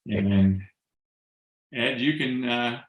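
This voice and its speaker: A man tells a personal story over a video call in an animated way, acting out quoted dialogue and slipping in jokes. His voice sits at a middle pitch, and the room around him gives it a noticeable echo. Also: drawn-out words. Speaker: guest sharing a testimonial.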